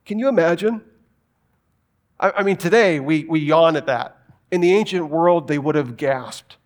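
A man delivering a sermon with a voice a little higher than most. He talks emphatically, piles up rhetorical questions and slips in joking asides. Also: normal speed. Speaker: preacher.

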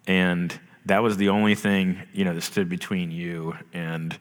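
A man's voice: sits low, little pitch movement, unhurried. A man preaching a sermon, talking casually with lots of fillers. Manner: casual, conversational preaching with many fillers and laughs. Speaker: pastor. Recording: long hall reverb.

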